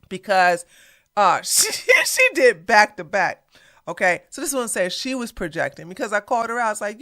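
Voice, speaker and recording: A woman's voice: medium pitch, pushed and bright. A woman giving casual reaction commentary, blunt, sassy and emphatic in how she talks.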